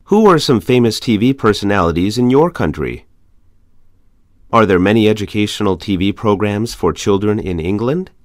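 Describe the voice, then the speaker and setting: A man with a fairly low voice reads conversation practice questions for an English lesson at a steady pace. His intonation rises and falls in a lively way on each question. The recording is dry and close. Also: dry recording. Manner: measured, evenly paced question reading. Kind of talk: reading practice questions aloud.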